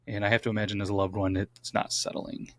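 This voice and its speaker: A man's voice: fairly low pitch, flat delivery, quick pace, fairly bright tone. A man co-hosting a casual true crime podcast, reading out the case and adding wry asides. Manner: reads case notes, adds wry asides. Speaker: podcast co-host.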